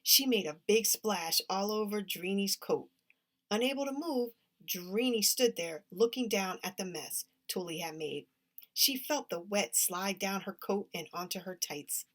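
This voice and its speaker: A woman reading a children's story aloud in a lively, expressive way. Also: mid-range voice, measured pace. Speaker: story reader.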